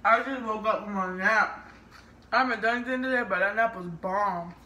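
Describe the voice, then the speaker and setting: A woman's voice: medium pitch, sharp tone. Chatty young Southern woman. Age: 20s. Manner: chatty, fills every pause with "like". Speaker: vlogger. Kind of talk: casual vlog chat.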